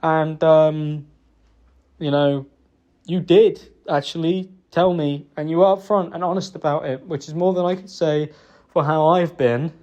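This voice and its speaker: A young man giving a halting, self-reproachful personal apology, emotional and close to tears, hesitating with many fillers. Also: fairly high pitch, fairly even intonation, a little mellow. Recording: dull lo-fi recording.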